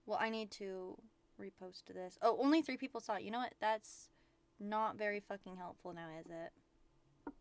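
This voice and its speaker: A woman VTuber chatting casually on a livestream, rambling excitedly and swearing often. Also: medium pitch, moderate pace, clear, resonant tone, no room sound. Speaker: VTuber streamer.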